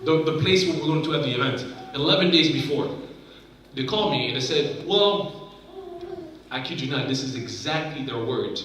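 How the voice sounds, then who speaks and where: A man's voice: fairly high pitch, recorded from a distance. A young man telling a story in a sermon at a youth conference, acting out what people said in a raised voice. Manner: animated, acts out quotes in a raised voice. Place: large conference hall. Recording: echoey hall, mic heard from afar.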